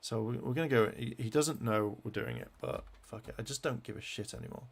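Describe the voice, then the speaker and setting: A man's voice: mid-range voice, fairly quick, gravelly, husky. A man venting in an angry vlog rant as he clicks through web pages, swearing constantly and restarting his sentences. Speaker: fan vlogger.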